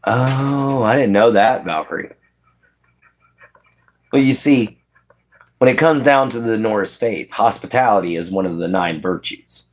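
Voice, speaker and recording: A man's voice: fairly low pitch, measured pace, long pauses. A man hosting a casual livestream, chatting with viewers by name and laughing often. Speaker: livestream host.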